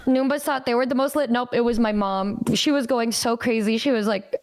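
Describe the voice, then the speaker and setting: A woman streamer and singer chatting casually, telling animated stories and acting out what others said. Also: a little high, a little fast. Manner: animated storytelling, acts out quotes. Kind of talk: casual chat.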